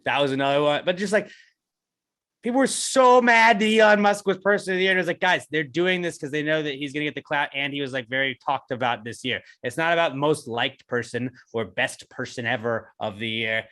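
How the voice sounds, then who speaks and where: A podcast co-host man talking in casual banter that keeps tipping into heated, profane rants. His voice sits fairly high and comes out bright and forceful. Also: animated, fairly quick. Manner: profane, ranting, gets heated.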